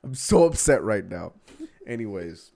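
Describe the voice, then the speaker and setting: Young male stream host, lower voice, fired-up rants that swing between loud and muttered asides, casual sports-talk delivery. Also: moderate pace. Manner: animated, exasperated, laughs often. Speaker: podcast host.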